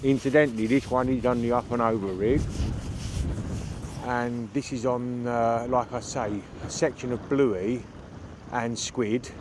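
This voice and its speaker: A British angler vlogger chats casually to camera, talking viewers through his fishing on an open beach at night in strong, cold wind. His voice is medium-pitched, steady, and unhurried. Heavy wind noise hits the mic.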